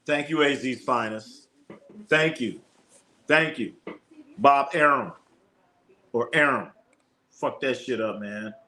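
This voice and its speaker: Bright-voiced man chatting on a live stream. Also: mid-range voice, slow pace, pauses often, slight background noise. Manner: loose, profane, joking. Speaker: host of a live sports stream. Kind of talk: casual livestream chat reading viewer comments.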